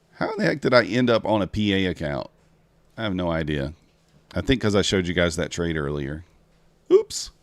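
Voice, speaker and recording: A man's voice: sits low, lively intonation, moderate pace, pauses often, dry recording. A man chatting casually to viewers while trading futures live, talking them through each move. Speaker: live-streaming futures trader. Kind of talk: casual live-stream commentary.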